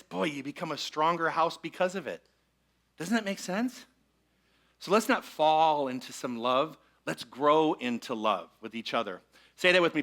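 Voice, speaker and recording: A man preaching a relaxed, conversational sermon to a live congregation. His voice is bright and forward, and he often pauses to invite the room to repeat a line with him. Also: a little high. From Michigan. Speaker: minister. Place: church sanctuary with congregation.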